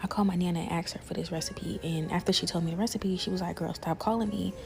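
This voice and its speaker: In this casual cooking vlog, a young creator talks fast to her audience, addressing them as y'all and besties as she cooks. Her lowish voice has fairly even intonation and some vocal fry.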